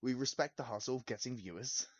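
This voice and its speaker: A man's voice: medium pitch, quick pace, lo-fi sound. A man, giving blunt, sarcastic commentary on a video, swearing and laughing often. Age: 20s. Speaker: reaction video host. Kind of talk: casual reaction commentary.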